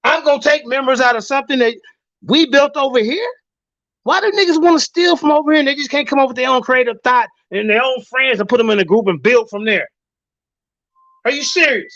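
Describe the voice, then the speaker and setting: A man with a very high-pitched voice hosts a heated online group chat, ranting, swearing and circling back over his points. The sound is dry and close, with the muffled quality of call audio. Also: fairly quick, fairly bright tone, dry recording. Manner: ranting, profane, repeats himself. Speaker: show host.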